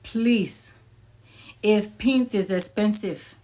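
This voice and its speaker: A woman's voice: mid-range voice, drawn-out words. Liberian lady vlogging, fed up and scolding, talks straight at you. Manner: exasperated, scolding, animated storytelling. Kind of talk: casual commentary to camera.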